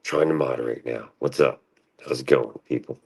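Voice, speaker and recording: A man's voice: moderate pace, darkish tone. A man talking in a rambling, profane monologue on his own stream, restless and jumping between thoughts. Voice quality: gravelly, very deep.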